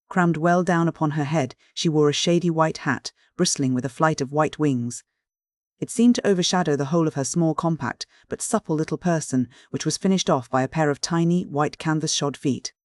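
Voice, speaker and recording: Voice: medium pitch, a little mellow, dry recording. Dry, close audiobook narrator. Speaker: audiobook reader.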